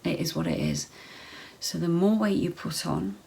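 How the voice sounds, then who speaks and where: A woman's voice: lowish voice, wildly swooping pitch, normal speed, vocal fry, a little mellow, poor audio. A woman vlogging casual health advice straight to camera, chatty, full of ums and repeated phrases.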